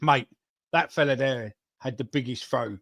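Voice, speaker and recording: A man's voice: medium pitch, moderate pace, gravelly, crowd noise. A man hosting a football podcast, joking crudely and calling everyone "mate". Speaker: podcast host. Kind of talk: casual banter reading out names.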